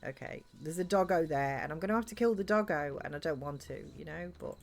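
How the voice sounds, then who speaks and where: A woman's voice: low voice, fast, vocal fry, over loud music. A woman chatting and giggling while livestreaming a video game. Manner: chatty, giggly, reads chat aloud. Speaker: game streamer. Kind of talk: live let's-play chat.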